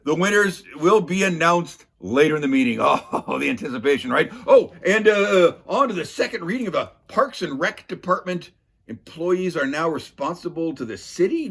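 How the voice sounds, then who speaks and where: A man talks through a council meeting in a loose, sardonic way, dropping dry asides and filling pauses with "uh." His voice sits a little high and sounds husky. He mocks the speakers he quotes in an offhand, deadpan way. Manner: wry, deadpan, lots of uh fillers, mocking quoted voices. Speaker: local video commentator. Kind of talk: casual sardonic meeting recap.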